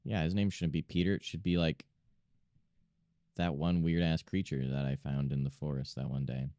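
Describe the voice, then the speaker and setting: A man's voice: a bass voice, steady tone, moderate pace, dark tone, dry recording, clean studio sound. A young man streaming from home, chatting casually and self-mockingly to himself and his chat while he draws.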